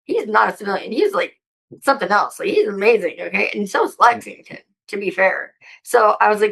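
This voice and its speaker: A woman with a gravelly, fry-laced voice chats in an interview. She talks in a rambling, excitable way and swears often. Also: mid-range voice, fairly quick, poor audio. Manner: excitable, profane, rambling with frequent laughs. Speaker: interview guest. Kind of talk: casual interview chat.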